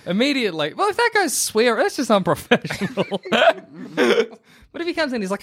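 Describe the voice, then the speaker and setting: A man co-hosting a comedy podcast, joking and laughing through loose banter. His pitch swings widely as he slips into mock voices between plain remarks. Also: normal speed. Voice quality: lively, laughing, swears freely, mimics voices. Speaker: podcast co-host.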